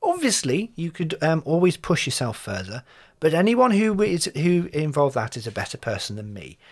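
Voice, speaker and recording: A man hosting a casual chat podcast, teasing his co-hosts in a lively, sometimes mock-posh way. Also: a little high, normal speed. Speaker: podcast host. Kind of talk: casual banter.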